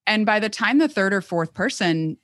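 A woman's voice: mid-range voice, expressive, normal speed, fairly bright tone, no echo, studio quality. A woman in her thirties, an occupational therapist guest, talking chattily and rambling with lots of filler words. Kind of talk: conversational interview.

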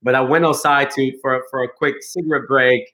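A man talking as a podcast guest, animated and storytelling, acting out quotes. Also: mid-range voice, normal speed. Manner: animated, laughing, acts out quotes. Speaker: guest entrepreneur. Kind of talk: casual storytelling.

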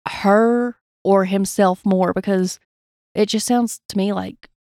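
A woman's voice: medium pitch, fairly even intonation, slow pace, darkish tone, no echo, studio quality. A woman co-hosting a true crime podcast, reading from a case account with blunt personal asides. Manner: reads gravely, adds blunt asides. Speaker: podcast co-host.

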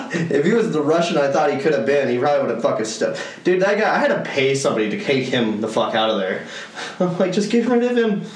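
A young podcast co-host with a medium-pitched, very animated voice tells stories loosely and profanely at a moderate pace, laughing often in casual chat. The room is echoey, the mic distant, and there's faint noise.

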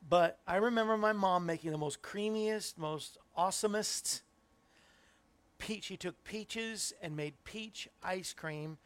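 A man's voice: high voice, measured pace, a bit bright, smooth. A middle-aged man hosting a Christian talk show, chatting casually and rambling as he talks to viewers in the chat. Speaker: host.

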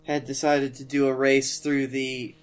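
A man, co-hosting a podcast and telling stories in a dry, deadpan way. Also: mid-range voice, measured pace, clear, resonant tone. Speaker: podcast co-host. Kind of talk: casual comedic storytelling.

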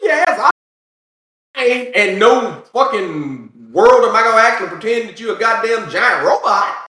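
Brief: excitable male podcast co-host, bright tense voice, profane rants, very echoey room. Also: sits high, unhurried, a little hiss or hum. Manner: profane, animated ranting with mocking asides. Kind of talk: casual chat.

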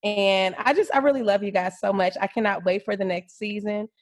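A woman's voice: mid-range voice, steady tone, fairly quick, very noisy. A woman co-hosting a casual podcast chat, talking in an earnest, heartfelt way. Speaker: podcast co-host.

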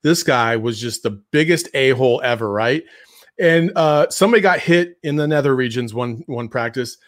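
A man's voice: mid-range voice, moderate pace. A man co-hosting a podcast, blunt and playful in casual chat, laughing often. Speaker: podcast co-host.

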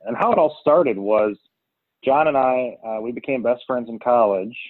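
A man's voice: medium pitch, moderate pace, no echo. Man on a tinny phone line. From Cleveland, Ohio. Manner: chatty, filler-heavy, restarts often. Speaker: guest, business co-founder. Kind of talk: casual interview storytelling. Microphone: call line.

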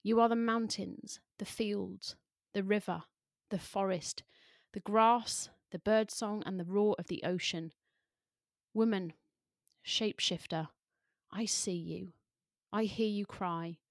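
Brief: woman host, unhurried poetry reading, dry close sound. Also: mid-range voice, steady tone, dry recording. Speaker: podcast host. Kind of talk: slow, measured poetry reading.

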